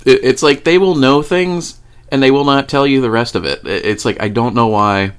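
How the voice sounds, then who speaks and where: A man's voice: medium pitch, moderate pace, clean tone. A man telling a story to camera in a casual, profane way, laughing often. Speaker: vlogger.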